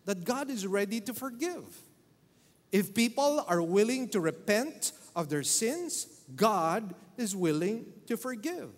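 A man's voice: high voice, big pitch swings, unhurried. A man preaching a sermon as pastor, emphatic and repeating key phrases for stress. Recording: long hall reverb.

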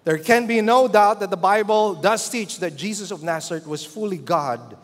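High-voiced preacher in a reverberant hall. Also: male voice, expressive, normal speed. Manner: emphatic preaching, swells louder on repeated calls to believe. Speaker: pastor. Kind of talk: sermon.

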